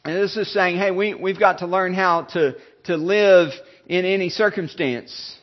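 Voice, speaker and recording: A male pastor giving a sermon, halting, with many fillers and restarts. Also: high voice, dull audio.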